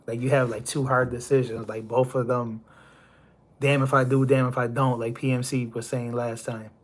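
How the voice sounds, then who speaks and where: Rambling American man chatting on a livestream. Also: mid-range voice. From USA. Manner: rambling, loose and conversational, many fillers. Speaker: livestream host. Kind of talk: casual live-stream chat.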